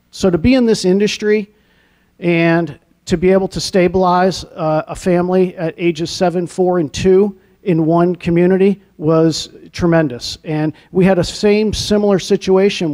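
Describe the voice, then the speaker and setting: The middle-aged New England man, newly named athletic director, speaks earnestly at a press conference in an arena lobby with a slightly high, mellow voice. He repeats words for emphasis, and at times he grows emotional.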